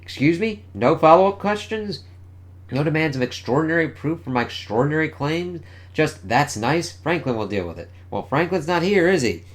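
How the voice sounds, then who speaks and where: A man reading the lines of an urgent, analytical young woman genius from a comic, in a slightly hurried voice. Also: medium pitch, expressive, lightly acted. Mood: indignant.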